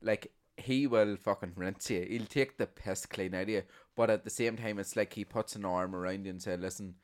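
A man's voice: on the low side, steady tone, moderate pace. A young man co-hosting a casual podcast, blunt and swearing heavily. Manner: blunt, heavy swearing, storytelling. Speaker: podcast co-host. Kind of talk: casual chat.

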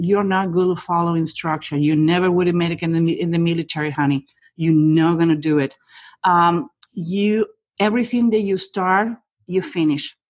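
A woman with a slightly low, husky voice talks through a podcast as a behavior expert. Her non-native English phrasing is blunt and direct, laying out one reading of the listener after another. She drops in an affectionate "honey" as she goes. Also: darkish tone. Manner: direct and rapid-fire, reads the listener point by point, says "honey". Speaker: guest, human behavior expert. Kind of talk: casual podcast conversation.

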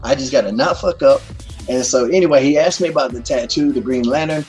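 A middle-aged man telling stories as a guest in a casual interview, animated and full of profanity. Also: medium pitch, a little fast, soft background music.

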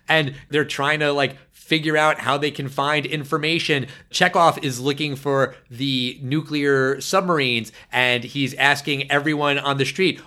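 Bright, animated man on a podcast. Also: mid-range voice, unhurried. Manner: animated, wry, lots of fillers. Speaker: podcast co-host. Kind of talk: casual podcast chat.

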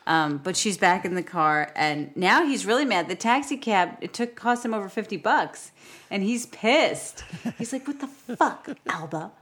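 A woman's voice: medium pitch, animated, normal speed, fairly bright tone. A woman co-hosting a podcast, casually recapping a film's plot and quoting its characters. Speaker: podcast co-host. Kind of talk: casual film discussion.

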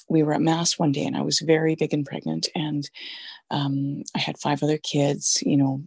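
A middle-aged woman with a weak, husky voice shares a personal faith testimony, halting and reflective, with many fillers. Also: low-pitched, a little mellow, dry recording. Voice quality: gravelly, husky voice. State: voice sounds weak or flaky. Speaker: Catholic mother sharing testimony.

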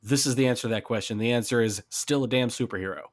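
A man talking films with friends in a relaxed podcast chat. His voice sits at an ordinary middle pitch. He talks eagerly, often restarting his sentences as he builds his argument. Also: fast. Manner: enthusiastic, restarts often, quotes lines. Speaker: podcast co-host. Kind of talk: casual film discussion.

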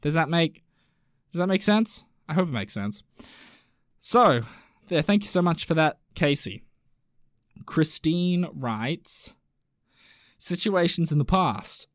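A man's voice: on the high side, expressive, takes it slowly, long pauses, no echo, clean studio sound. A man hosting a podcast in a rambling, chatty way, reading out listener messages. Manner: rambling and chatty, full of fillers and asides. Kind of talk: casual chat.

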